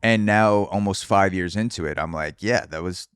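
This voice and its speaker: Low-voiced man with a dry close sound. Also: moderate pace, clean tone, no room sound. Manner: animated storytelling, acts out quoted voices, swears casually. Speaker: podcast host. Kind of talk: solo podcast monologue. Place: Brooklyn, New York.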